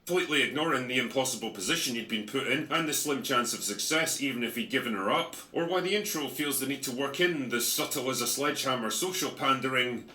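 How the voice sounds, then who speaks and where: A man's voice: medium pitch, lively intonation, fast talker, hardly any pauses, bright, forceful tone, roomy sound. A man reading a scripted, sarcastic and profane video critique. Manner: sardonic, profane, mocking. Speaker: video essayist.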